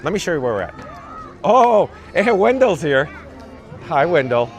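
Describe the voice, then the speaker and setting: A man's voice: fairly high pitch, big pitch swings, normal speed, a faint crowd. A man hosting a live stream outdoors on a handheld phone, chatting in a rambling way, jumping between tangents and reading out viewer comments. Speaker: live-stream vlogger, channel host. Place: outdoors at a theme park parade route.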